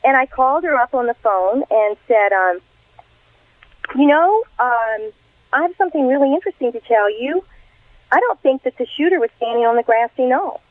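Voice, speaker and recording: A middle-aged woman calls in to a radio show, her fairly high voice squeezed through a tinny, dry phone line. She tells her story earnestly, animated and eager. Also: normal speed, no room sound. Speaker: retired crime scene investigator, guest.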